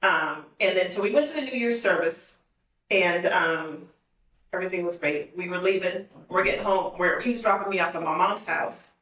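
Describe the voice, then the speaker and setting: Podcast guest, woman, animated storyteller, roomy distant sound. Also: lowish voice, moderate pace. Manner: animated, laughs often while telling stories. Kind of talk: casual storytelling.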